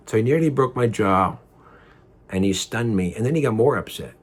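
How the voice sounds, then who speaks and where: A man's voice: lowish voice, animated, moderate pace. A man telling a personal story in a heated, rambling way, repeating himself and swearing.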